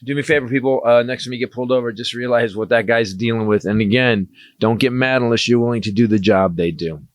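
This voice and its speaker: A man co-hosting a comedy chat, throwing in quick jokes and comic bits. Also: medium pitch, steady tone, no room sound. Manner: joking, quick interjections and bits. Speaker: co-host.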